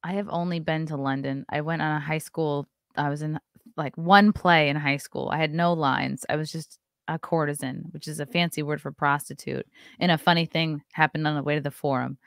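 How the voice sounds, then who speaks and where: A woman's voice: sits low, fairly quick, creaky, dry recording, clean studio sound. An American woman hosting a podcast, asking playful questions and joking about herself in casual chat. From United States. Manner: playful, self-deprecating, lively questions. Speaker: podcast host.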